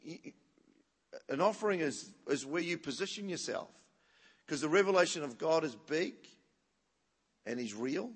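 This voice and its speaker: A man preaching a story-driven sermon, animated and laughing, acting out what people said. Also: on the high side, normal speed, pauses often, husky. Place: church hall. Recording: long church-hall reverb.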